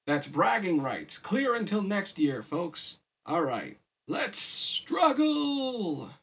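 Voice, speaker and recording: A loud, excitable male tournament announcer, put on by a man reading a story aloud, calling out names in a raised, high voice. He stretches every announcement into a big moment, with a slightly husky edge. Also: exaggerated voice. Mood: hyped. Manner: booming, drawn-out announcing.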